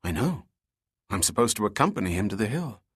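A man's voice: on the low side, big pitch swings, a little fast, husky, no echo, clean studio sound. A man voicing an earnest young woman chemist. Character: female chemist, eager but conscientious.

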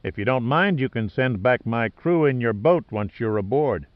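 A man voicing an easygoing male ship captain who talks in a calm, low-key way. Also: moderate pace, no room sound, lightly acted. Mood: easy. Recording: dull lo-fi dry recording.

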